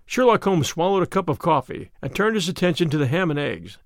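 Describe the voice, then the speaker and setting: A man narrates an audiobook in a measured, lively way. His voice sits a little high and rises and falls a great deal. The recording is close and dry, with no room sound. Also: creaky, dry recording. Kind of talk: storytelling narration.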